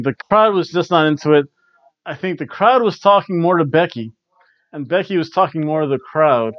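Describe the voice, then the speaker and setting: Recorded on a home camera, the audio is muffled but free of echo. A man with a slightly high voice hosts a laid-back wrestling review, wandering through his recap with ums and restarts.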